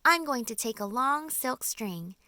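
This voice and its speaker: Storybook boy, calm and resolute, earnest steady delivery, bright dry sound; woman performer. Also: a little high, measured pace, dry recording, voice pushed up. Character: young boy, calm and determined. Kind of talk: audiobook character voice.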